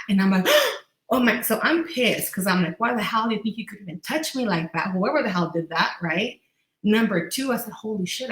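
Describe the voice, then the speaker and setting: A woman co-hosting a casual spiritual podcast, telling stories with animation and acting out the voices she quotes. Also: on the low side. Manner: animated storyteller who acts out quoted voices. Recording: echoey room.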